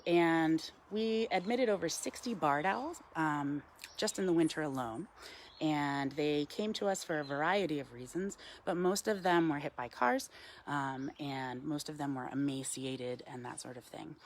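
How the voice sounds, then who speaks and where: A woman with a low voice leads a casual live wildlife talk outdoors, chatting easily with frequent ums. She turns to coo at the owl now and then and takes viewer questions. Faint outdoor sounds hum behind her. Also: a little slow. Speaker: wildlife center educator. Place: outdoors in wind.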